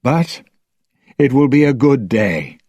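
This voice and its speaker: A man voicing a young sea captain, sad and steady, in a raised, earnest tone. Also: mid-range voice, slow pace, breathy edge, no room sound, pitched above the performer's own voice.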